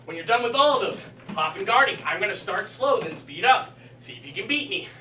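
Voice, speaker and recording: A man with a bright, high, bouncy voice coaches a live-streamed martial arts workout, counting reps aloud and cheering students on while he does the drills himself. He sounds slightly out of breath. The room is echoey, the mic sits well away from him, and a faint hum runs underneath. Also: lively intonation, fairly quick, distant mic.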